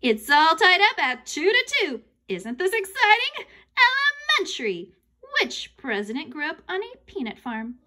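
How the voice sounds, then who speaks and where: A woman voicing an excitable grown man hosting a school quiz, announcing in a bouncy way. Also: very high voice, a little slow, pitched above the performer's own voice, full character voice. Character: excitable adult male quiz host.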